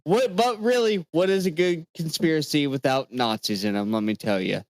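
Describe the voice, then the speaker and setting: A man's voice: on the high side, moderate pace, no echo. A man co-hosting a casual podcast, telling a conspiracy story with jokes and swearing. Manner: joking, profane, storytelling. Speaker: podcast co-host presenting the topic.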